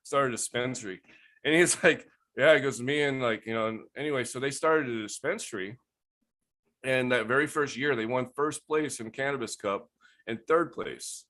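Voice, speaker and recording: A man telling stories in a casual, profane, animated way, often laughing, as a guest on a podcast. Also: mid-range voice, normal speed. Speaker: guest grower. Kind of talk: casual storytelling.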